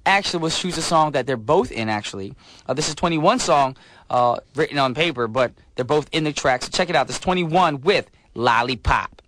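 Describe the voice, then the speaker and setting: A man's voice: on the high side, lively intonation, brisk. A man hosting a radio show from a studio, upbeat and chatty, with some filler sounds. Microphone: studio mic.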